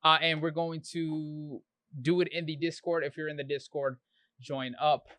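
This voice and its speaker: A man's voice: on the high side, little pitch movement, normal speed, bright, forceful tone, no echo. A man hosting a casual livestream podcast, loose and slangy as he runs a call-in segment. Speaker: podcast host.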